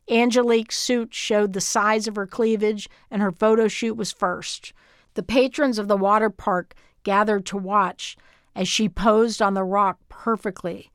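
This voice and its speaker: Brief: female memoir narrator, smooth and clear, steady middle pitch, even delivery. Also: no room sound, clean studio sound. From Texas, US. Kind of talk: scripted audiobook narration.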